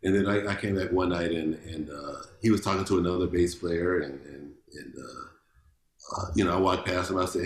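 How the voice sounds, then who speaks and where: Laid-back male jazz musician, storyteller, stumbles and repeats, low register, reverberant room. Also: moderate pace. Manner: loose, repeats words, animated storytelling with quoted voices. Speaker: jazz bassist, guest. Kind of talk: casual interview chat. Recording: roomy echo.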